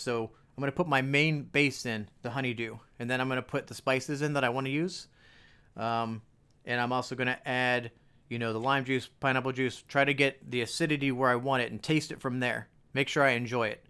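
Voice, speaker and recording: A young adult man talks through a homemade recipe in his home kitchen. His voice is smooth and clear at a middle pitch, and his delivery is casual and chatty, with joking asides to the viewers. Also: sharp tone. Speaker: cooking video host. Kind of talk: casual cooking demonstration.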